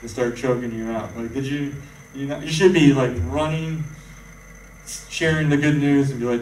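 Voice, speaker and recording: A man's voice: mid-range voice, moderate pace, a little mellow, a little hiss or hum. A man preaching an informal sermon, rambling and conversational with many fillers and restarts. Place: church hall. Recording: echoey room, voice from far off.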